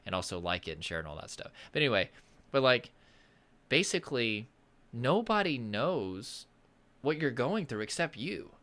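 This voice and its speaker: Animated, bright-voiced man rambling to camera. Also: medium pitch, normal speed. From Southern United States. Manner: rambling, searches for words, self-deprecating humor. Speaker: nervous system coach. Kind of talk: casual monologue to camera.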